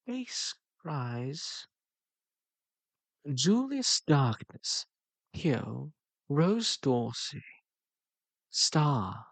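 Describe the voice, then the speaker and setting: A male channel host chats through a casual outro in a playful, flirty way. His voice is gravelly and slightly husky, with a lively, swinging pitch. It is recorded close and dry. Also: no echo. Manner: playful, flirty, laughs often.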